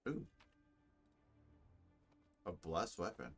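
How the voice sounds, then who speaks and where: A man's voice: low-pitched, animated, drawn-out words, vocal fry, fairly bright tone. A man casually commenting while playing a story game and reading its dialogue aloud.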